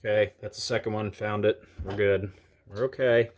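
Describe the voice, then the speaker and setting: A man's voice: fairly low pitch, fairly even intonation, normal speed, a little mellow. A man casually talking through an unboxing, chatty and self-deprecating, thinking aloud with lots of fillers as he handles small parts at a desk. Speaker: diecast collector channel host.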